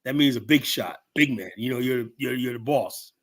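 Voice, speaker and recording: A man hosting a casual chat, talking loosely with plenty of swearing and fillers. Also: mid-range voice. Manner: loose and profane, drawn-out fillers. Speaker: podcast host.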